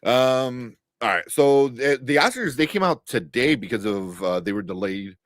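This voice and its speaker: A man's voice: medium pitch, lively intonation, moderate pace, fairly bright tone, no echo, clean studio sound. A man co-hosting a casual movie talk show, rambling with many fillers and restarts. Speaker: podcast co-host. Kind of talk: casual chat.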